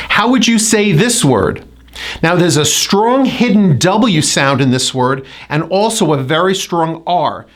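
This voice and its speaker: A woman's voice: fairly low pitch, expressive. A woman with an American accent teaching pronunciation, drawing out each sound and repeating words carefully. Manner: slow, exaggerated enunciation with drilled repetitions. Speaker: pronunciation coach. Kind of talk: pronunciation lesson.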